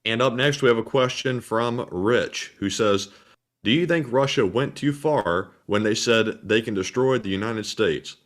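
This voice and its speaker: A man co-hosting a livestream, reading out viewer donations and questions in a plain, steady way. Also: mid-range voice, a little slow. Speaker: co-host reading super chats.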